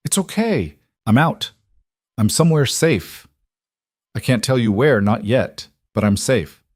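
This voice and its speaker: A man with a low voice reading the lines of a frightened young woman fleeing abuse, lifting his pitch a little with strained emphasis in a dry, close recording. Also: lively intonation, moderate pace, a little mellow, no echo. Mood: shaken.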